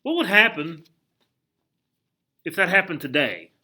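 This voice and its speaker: A man teaching a history class in a lively, conversational lecture, often putting rhetorical questions to the students. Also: sits high, a little slow, slightly rough. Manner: conversational, frequent restarts.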